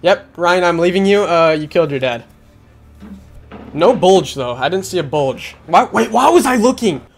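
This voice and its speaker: A man's voice: sits high, lively intonation, moderate pace, soft background music. Wisecracking young guy reacting to a skit. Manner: joking, wisecracking. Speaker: reaction video host. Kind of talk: casual reaction commentary.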